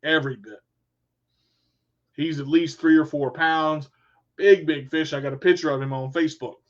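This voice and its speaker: Animated storytelling man, lo-fi sound. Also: fairly high pitch, moderate pace. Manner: animated storyteller, acts out quotes. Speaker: vlogger. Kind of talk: casual storytelling monologue. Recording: dull lo-fi sound.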